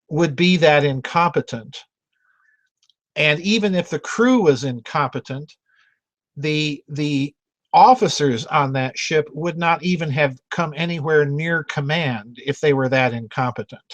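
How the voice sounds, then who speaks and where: A man's voice: a little high, dry recording. A man hosting a members' video chat, answering questions in an emphatic, direct way and often restarting words. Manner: emphatic, repeats words when restarting, addresses listener directly. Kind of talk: vidchat commentary. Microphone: video call.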